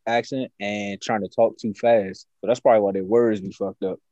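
A man tells stories in a casual chat. His voice is low and mellow and sounds dry and close, and he acts out other people's lines as he goes. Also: steady tone, moderate pace, dry recording, muffled recording. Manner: storytelling, acts out quotes.

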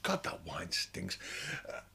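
A man's voice: sits low, huge pitch swings, slow pace, vocal fry, sharp tone, slightly rough. A man hosting a casual podcast, steering the chat with wry exasperation. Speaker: podcast host, taxi driver.

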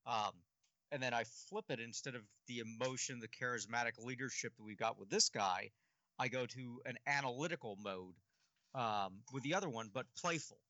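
A man's voice: mid-range voice, normal speed, bright, forceful tone, no room sound, lo-fi sound. A man, a writer, chatting thoughtfully about his craft with fillers and a pun here and there. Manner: thoughtful, uses fillers, punny. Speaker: writer, guest. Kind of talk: casual chat.

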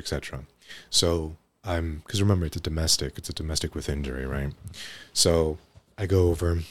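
A young man, an EMT guest on a podcast, telling work stories casually, with restarts and frequent "right?" tags. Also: rumbling low.

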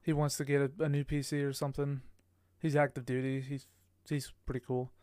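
A man's voice: mid-range voice, fairly quick, no room sound, clean studio sound. A young man co-hosting a podcast, telling stories in casual chat, swearing freely and laughing often. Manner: profane, animated storyteller, laughs often. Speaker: podcast co-host.

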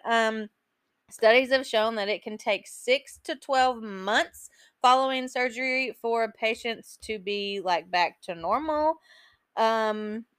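Woman podcast host rambling through a story, lots of likes and ums, mid pitch, dry close sound. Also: a bit bright, clean tone, dry recording. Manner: chatty, emotional storytelling full of "like" and "um". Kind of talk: casual podcast chat.

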